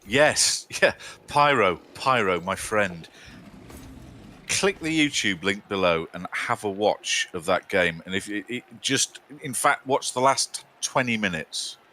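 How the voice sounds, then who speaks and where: A man chats on a live game stream in a rambling, teasing way, playing up mock outrage at his friends. His voice sits fairly low but comes across bright and forceful. A faint hiss runs underneath. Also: expressive, slow. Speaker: co-host. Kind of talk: casual live-stream chat.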